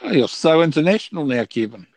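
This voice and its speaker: A man with an Australian accent chats on a live stream call, making teasing, sarcastic remarks. His voice sits slightly high for a man. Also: sing-song, fast talker, gravelly. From Australia or New Zealand. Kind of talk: casual chat.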